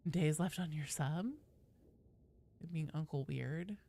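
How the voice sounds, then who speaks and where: A woman's voice: deep voice, slow pace, vocal fry, dark tone, dry recording. A woman streaming a game live, chatting casually and playfully with viewers and swearing freely.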